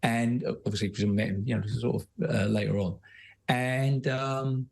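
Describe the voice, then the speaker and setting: A man's voice: mid-range voice, steady tone, moderate pace, gravelly, a little mellow. A man, a guest telling his story bluntly, with many fillers and restarts. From London, England. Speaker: guest, former soldier and author. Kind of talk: candid conversational storytelling.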